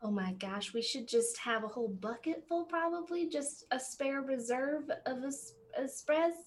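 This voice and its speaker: A woman playing a tabletop game, talking in character in a quick, playful way over an online call. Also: sits high. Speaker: player. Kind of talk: in-character role-play chat. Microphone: online call microphone.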